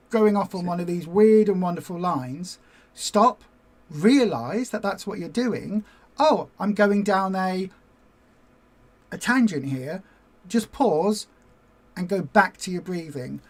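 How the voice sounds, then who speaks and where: A woman at medium pitch hosts a livestream for a weight-loss group. She talks informally, rambling now and then into vivid, acted-out asides.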